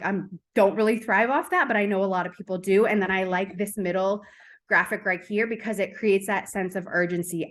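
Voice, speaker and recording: A woman giving a casual coaching talk to her team, fast and chatty with lots of fillers. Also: mid-range voice.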